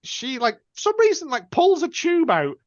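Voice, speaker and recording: Brief: male podcast host, bouncy pitch, crude comic film recap, dry lo-fi sound. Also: dry recording. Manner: sweary, animated retelling with quick silly voices. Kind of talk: casual film-review banter. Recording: dull lo-fi sound.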